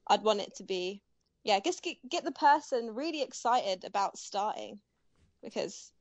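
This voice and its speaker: A woman's voice: medium pitch, animated, normal speed, no room sound. A young woman, an embroidery artist, chatting as an interview guest, laughing often and talking with plenty of fillers and restarts. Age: young adult. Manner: warm, giggly, many fillers and restarts. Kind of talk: casual interview chat. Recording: dull dry home-mic sound.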